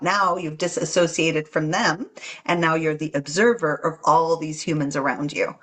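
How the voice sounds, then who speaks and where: Husky-voiced woman teaching spiritual calm. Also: sits low, moderate pace, rough recording. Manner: earnest, teaching, acts out inner voices. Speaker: guest channeler. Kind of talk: spiritual podcast talk.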